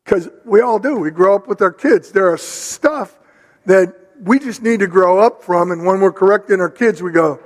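An older man preaching a sermon, telling a family story in an animated, conversational way. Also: sits high, normal speed, big-room sound. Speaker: pastor.

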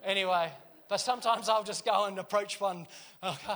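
Male preacher, high bright voice, animated and chatty, laughs a lot. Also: a little fast. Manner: animated storytelling, laughs often. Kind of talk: sermon. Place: church.

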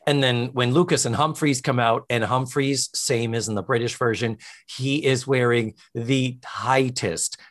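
Brief: man co-host, mid-pitched, recounts scenes with quoted lines. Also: measured pace, hardly any pauses. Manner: animated retelling with quoted lines. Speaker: podcast co-host. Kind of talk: casual chat.

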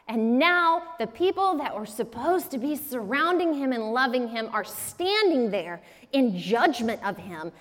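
A woman giving a sermon-style teaching talk, acting out the quoted lines with lively changes of voice. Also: high-pitched. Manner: acts out quotes with shifting voices. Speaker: speaker at a church breakout session. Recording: long reverb in a large room.

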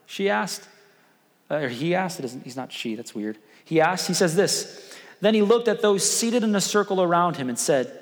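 Pastor guy preaching casual and lively, slightly high voice, echoey church, soft music. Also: normal speed. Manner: conversational, animated storytelling. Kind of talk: sermon.

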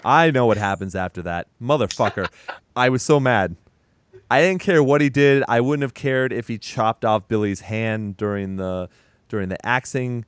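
A man casually retelling a horror movie's plot as a podcast co-host, animated and profane, acting out bits of dialogue. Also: mid-range voice, moderate pace, clear, resonant tone, no echo. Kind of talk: casual movie recap chat.

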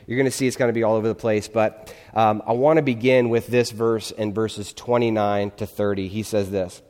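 A man's voice: lowish voice, fairly even intonation, fairly quick, few pauses, darkish tone. A male pastor giving a conversational sermon in a church, often checking in with his listeners. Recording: long hall reverb.

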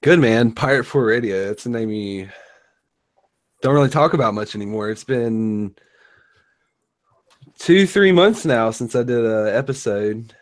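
A man's voice: mid-range voice, lively intonation, measured pace, pauses often, dry recording. Laid-back man, dry close sound. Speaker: podcast guest, former radio show host. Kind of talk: casual podcast chat.

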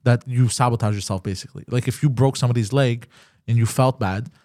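Speaking at a quick pace, this man hosts a podcast where he shares stories in loose conversation, swearing freely and playing both parties in the exchange with lots of animation. His mid-range voice comes through dry and studio-clean.

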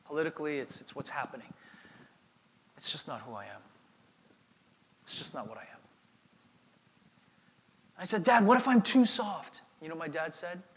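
Middle-aged pastor from New York, earnest and high-pitched, with long hall reverb. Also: male voice, animated, moderate pace, vocal fry, long pauses, fairly bright tone, a little hiss or hum. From New York, United States. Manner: earnest, repeats words while building up. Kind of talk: sermon.

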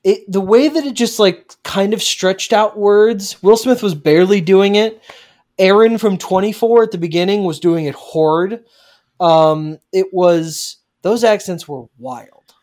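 A woman's voice: medium pitch, a little slow, a little mellow. A woman co-hosting a casual podcast, ranting animatedly about a film and laughing often. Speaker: podcast co-host. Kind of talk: casual chat.

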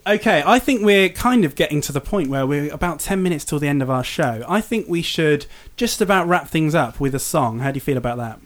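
A man's voice: fairly high pitch, expressive, brisk, few pauses. A man hosting a casual podcast chat, joking and laughing often between segments. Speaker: podcast host.

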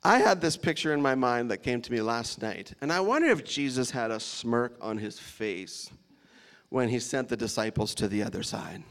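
A man's voice: medium pitch, animated, normal speed, a bit bright. A man preaching a casual sermon, reading scripture and adding playful asides with a laugh now and then.

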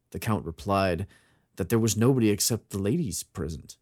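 Low-voiced man reading a folk tale. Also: moderate pace, darkish tone, dry recording, studio quality. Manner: reads aloud with theatrical voices for quoted characters. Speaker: podcast co-host. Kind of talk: casual chat and reading a folk tale aloud.

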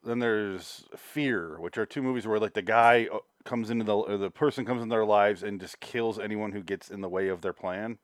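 A man co-hosting a casual movie-review chat with sardonic, deadpan jokes and some swearing. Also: fairly low pitch, moderate pace, hardly any pauses, no echo, clean studio sound. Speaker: podcast co-host.

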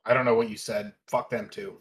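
A man co-hosting a casual chat, joking loudly, swearing and laughing a lot. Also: on the low side, little pitch movement, brisk, husky. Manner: loud, jokey, swears, bursts of laughter.

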